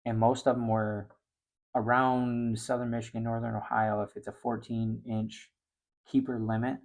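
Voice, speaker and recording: A middle-aged man hosting a fishing show, telling a story casually and growing loud and high-pitched when he gets excited. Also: normal speed.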